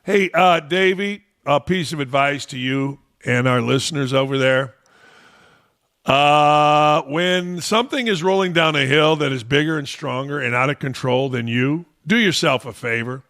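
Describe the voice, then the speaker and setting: A man's voice: fairly high pitch, measured pace, a bit bright. A man hosting a sports-talk podcast, ranting in a blunt, profane, combative way. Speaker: podcast host.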